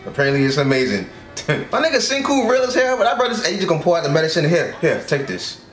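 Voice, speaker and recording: A young man casually reacting to an anime episode, animated and slangy, laughing and swearing as he goes. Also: high voice, racing, music in the background. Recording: echoey room.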